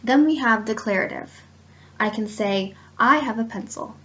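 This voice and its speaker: A woman student with a fairly high voice reads a class presentation on grammar at normal speed. She stays steady and reads spoken examples aloud, and the recording is dull and lo-fi.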